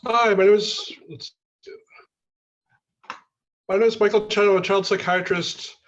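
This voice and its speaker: A man's voice: high voice, steady tone, measured pace. A child psychiatrist, a man, introducing himself matter-of-factly on a video call. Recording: dull lo-fi call with faint noise.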